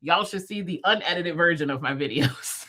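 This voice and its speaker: An American woman in her thirties hosts a livestream from her bed at home, chatting casually with viewers. Her voice is bright yet on the low side, and she talks fast, chatty and playful, laughing often.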